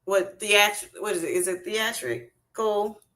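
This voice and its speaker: A middle-aged woman with a mid-range, sharp-toned voice speaks at a measured pace while hosting a livestream. Over her streaming setup she chats casually, laughing often and calling viewers honey and y'all.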